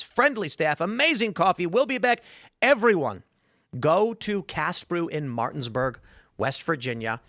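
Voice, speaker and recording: A man hosting a podcast, reading out viewer comments and chatting casually, animated and quick to laugh. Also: a little high, no room sound, clean studio sound. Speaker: podcast host.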